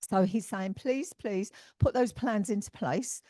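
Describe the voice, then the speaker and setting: A woman's voice: medium pitch, no room sound, studio quality. English woman medium giving spirit messages. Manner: warm, reassuring, halting with fillers and sighs. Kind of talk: mediumship demonstration. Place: church hall.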